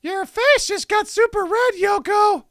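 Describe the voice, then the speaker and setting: A man voicing a naive, eager eleven-year-old boy in a comedic anime dub parody, with a squeaky, high, shouty delivery. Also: measured pace, no room sound, clean studio sound, heavily acted.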